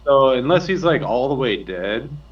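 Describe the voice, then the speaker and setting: A man's voice: medium pitch, sing-song, normal speed, slightly rough, far from the mic. A man playing a tabletop game, hesitant and checking his rules as he talks. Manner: hesitant, reads rules aloud. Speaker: player. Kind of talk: casual game table talk. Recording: dull sound from away from the mic.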